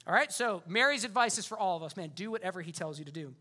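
A man's voice: sits high, expressive, quick pace, sharp tone. A man preaching a sermon as pastor, in a casual, conversational way full of fillers.

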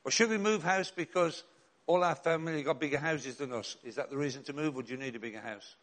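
A man's voice: on the high side, fast, a bit bright. An older man, a bishop and chaplain preaching a sermon in an earnest, direct way with rhetorical questions and repeated refrains.

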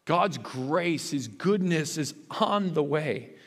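A man's voice: a little high, animated, slow, fairly bright tone. A man preaching a sermon as a pastor, earnest and rising to fervent emphasis. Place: church sanctuary. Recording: long hall reverb.

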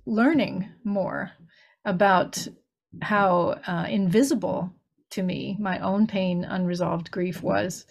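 A woman's voice: medium pitch, a little mellow, a little hiss or hum. Middle-aged woman, grief minister, earnest storyteller who acts out quotes, conversational. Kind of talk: conversational podcast interview.

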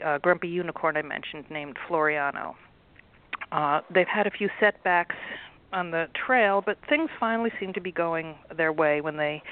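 A male author, a guest on a radio interview, explaining his story and reading from it in a relaxed storytelling way over a tinny phone line. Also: high voice, clean tone.

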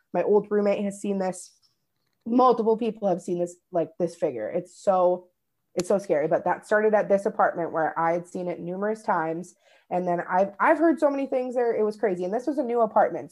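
A woman's voice: mid-range voice, a little fast. A young woman, co-hosting a podcast and telling stories in casual chat. She swears freely and acts out what people said. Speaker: podcast co-host.

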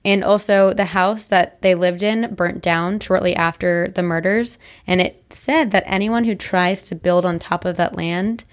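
A woman's voice: on the low side, fairly even intonation, a little slow, hardly any pauses. A young woman co-hosting a podcast, telling a story in casual chat, full of likes and restarts. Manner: chatty, many likes and restarts. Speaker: podcast co-host.

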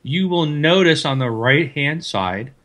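A man co-hosting a casual gaming podcast, an animated storyteller whose voice climbs high when he retells yelling at a friend. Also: a little slow. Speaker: podcast co-host. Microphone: desk mic, loosely mounted.

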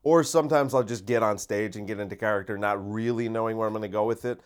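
A man hosting a casual solo podcast, talking in a rambling, energetic way and dropping into deadpan mock voices. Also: lowish voice, quick pace, clean tone. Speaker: podcast host and comedian.

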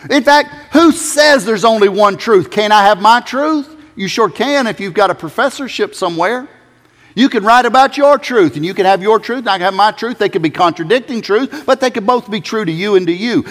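A male pastor preaching a sermon in a folksy, emphatic way, building to loud peaks. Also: high-pitched, lively intonation, fairly quick. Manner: folksy, emphatic, rising to shouts. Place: church sanctuary. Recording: church hall reverb.

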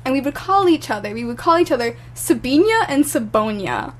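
A young woman from the Boston area telling a story as a guest in a casual podcast chat, animated and full of "like". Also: sits high, fairly quick, noisy background. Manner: chatty, animated storytelling with frequent "like".

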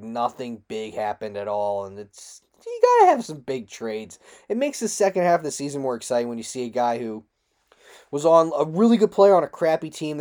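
A man hosting a solo sports talk show, ranting in a frustrated, rambling way, swearing and jumping sharply up in pitch. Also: warm tone. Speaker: podcast host.

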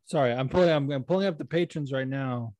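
A man's voice: mid-range voice, fast talker, darkish tone, no echo. A man co-hosting a podcast in casual, profane chat, giggling often. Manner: profane, giggly, acts out voices in stories. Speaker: podcast co-host.

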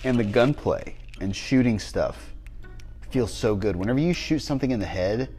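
A man's voice: medium pitch, animated, normal speed, mellow, faint music behind. A man co-hosting a podcast in casual chat, rambling with many fillers and restarts. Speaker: podcast co-host.

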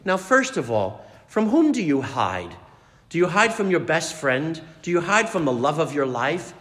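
A preacher with a fairly high, lively voice that rises and falls as he tells the story and quizzes his listeners. His words ring with a long reverb through the church. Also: normal speed. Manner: dramatic storytelling, asks the congregation questions. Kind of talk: sermon.

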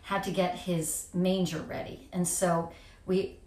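A woman's voice: lowish voice, little pitch movement, a little slow, a little mellow, reverberant, far from the mic. A woman reminiscing about her childhood in a casual family chat, stopping often with fillers. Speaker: family member sharing memories.

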